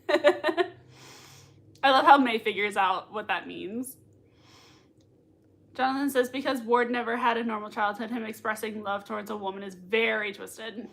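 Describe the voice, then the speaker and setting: A woman hosting a live watch-party reaction, gushing excitedly, laughing often and reading out chat comments. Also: medium pitch. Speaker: livestream reaction host.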